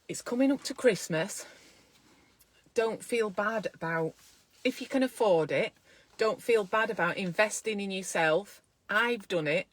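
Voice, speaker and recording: A woman's voice: mid-range voice, fairly bright tone. A woman who is a midwife, talking casually to camera in a self-care vlog, chatty and encouraging as she thinks aloud from a small room at home.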